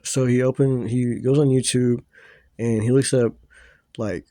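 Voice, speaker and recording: A man's voice: mid-range voice, fairly even intonation, a little slow, mellow, dry recording, clean studio sound. A young man casually telling a rambling story to his viewers, full of fillers and swearing.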